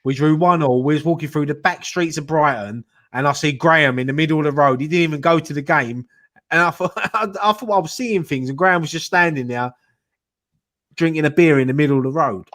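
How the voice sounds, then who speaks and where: Man, fan show presenter, slightly high voice, cheeky mocking banter. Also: a little fast, fairly bright tone. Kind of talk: casual banter.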